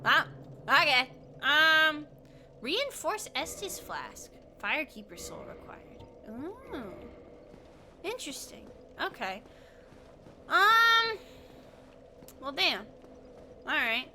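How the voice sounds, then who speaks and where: A giggly woman streamer talks through her game in a high, bright voice. Her pitch jumps all over as she chats and swears playfully. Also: sing-song, slow, pauses often, a little hiss or hum. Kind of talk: casual gaming commentary.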